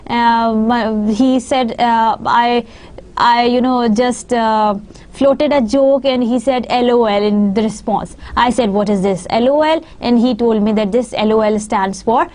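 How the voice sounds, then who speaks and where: A woman with a high voice gives a lecture over slides. She pads her sentences with fillers and repeats her phrases as she explains each point. She sounds like a lecturer talking to students. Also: steady tone, measured pace, a little mellow. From Pakistan.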